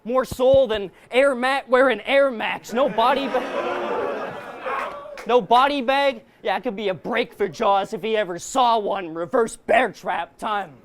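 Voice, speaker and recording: A man's voice: high voice, measured pace, few pauses. A man performing a live battle rap verse, aggressive and taunting, firing punchlines at his opponent. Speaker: battle rapper. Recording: live crowd noise around. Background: crowd.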